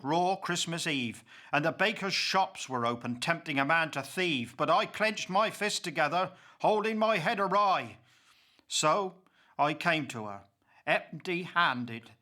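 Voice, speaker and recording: A man's voice: on the high side, pushed and bright. A man reciting as a bitter old pauper. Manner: slow, declamatory and impassioned. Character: old grieving male pauper, bitter and accusing. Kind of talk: dramatic verse recitation.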